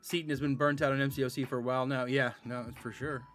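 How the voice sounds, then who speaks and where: A man's voice: mid-range voice, level tone, quick pace, fairly bright tone, faint music behind. A man in his thirties chatting casually while streaming a game, rambling, sarcastic and laughing often. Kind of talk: casual live-stream chat.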